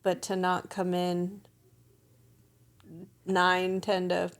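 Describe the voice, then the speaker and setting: A woman in her forties co-hosting a podcast in casual chat, reacting quickly with jokey asides. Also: on the low side, completely flat delivery. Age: 40s. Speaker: podcast co-host.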